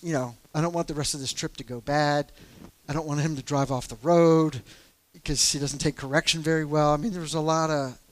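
A middle-aged man speaks about faith in a relaxed, conversational way. He tells on himself with candid, self-deprecating humor, padding his sentences with fillers and restarts. His voice sits slightly higher than most men's. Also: a little fast, no room sound. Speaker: church elder. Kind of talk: casual talk on faith.

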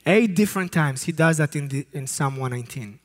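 High-voiced earnest preacher man. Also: expressive, brisk. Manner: earnest, emphatic preaching with occasional slips and restarts. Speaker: youth ministry director preaching. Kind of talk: sermon.

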